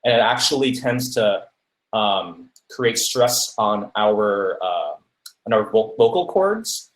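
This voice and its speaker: A man's voice: fairly low pitch, animated, takes it slowly. A man hosting a podcast, casually giving public speaking advice and often checking in with "right?". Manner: many fillers and restarts, asks "right?" often. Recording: roomy echo.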